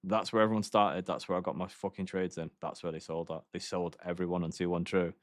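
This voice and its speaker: A man's voice: deep voice, little pitch movement, quick pace, no echo, studio quality. A man streaming a game, telling rambling stories in casual chat, swearing often and laughing between lines.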